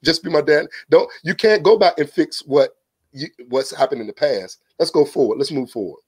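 A man's voice: fairly high pitch, expressive, moderate pace, husky. A man, a podcast guest, telling a personal story in a casual, earnest way, often repeating words as he starts a thought. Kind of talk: casual testimony.

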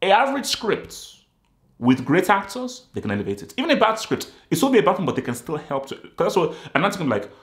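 A man's voice: high voice, very animated, a little fast. A man giving a casual, rambling film review, repeating himself and stating blunt opinions. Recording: roomy echo.

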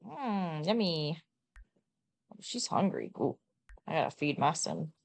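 A woman's voice: low voice, expressive, measured pace. Playful, teasing woman gamer. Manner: playful, teasing, swears freely. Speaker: gameplay vlogger. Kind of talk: casual gameplay commentary.

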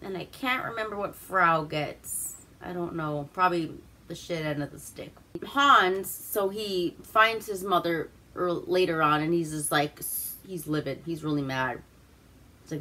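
A slow, unhurried woman from Alaska recaps an old film in loose, profane asides. Her voice sits low yet sounds bright and forward. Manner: profane, rambling and laughing. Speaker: host. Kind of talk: casual movie recap.

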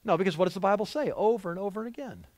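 A middle-aged pastor delivers a sermon with lively energy, voicing the people he quotes and swinging from loud emphasis to near hushes. His voice sits a little high for a man, and the sound is close and dry with hardly any room around it. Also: rapid-fire, no echo. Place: church sanctuary.

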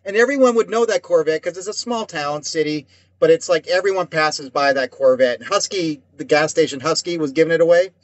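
A man's voice: on the high side, a little fast, no echo. A man telling stories in casual profane chat as podcast co-host, rambling and acting out voices. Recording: dull lo-fi dry sound.

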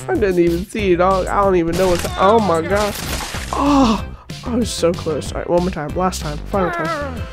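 A man commentating a video game while sick, his voice a little raspy, blurting excited, slangy reactions. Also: sits high, moderate pace, music in the background. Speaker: gaming commentator.

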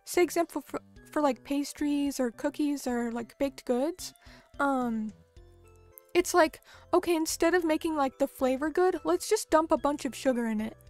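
A woman's voice: high-pitched, moderate pace, darkish tone, faint music behind. A young American woman streamer chatting casually with her viewers, talking loosely with lots of fillers as she reads and answers chat. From United States.

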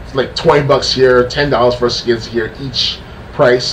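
A man's voice: mid-range voice, steady tone, a little slow. Frustrated rambling man on a distant mic. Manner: frustrated, rambling with many restarts. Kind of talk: casual podcast rant. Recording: distant mic with faint background noise.

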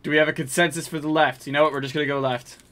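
A New England man streams himself opening card packs, talking very fast in a slightly high, sharp-toned voice with little pitch movement. In casual live-stream chat he hypes big pulls, jokes with viewers, and mumbles while sorting cards.

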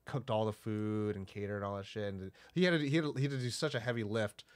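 A man's voice: fairly low pitch, fairly even intonation, fast talker, smooth. A man co-hosting a podcast who talks in a loose, chatty way, filling his sentences with "like.". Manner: loose and chatty, lots of "like" fillers. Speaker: podcast co-host. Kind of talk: casual chat.

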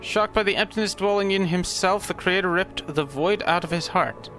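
A man reading aloud the lines of an ancient, solemn spirit guardian from a game, in a grave, measured way. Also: high voice, fairly bright tone, soft background music, voice pushed up.

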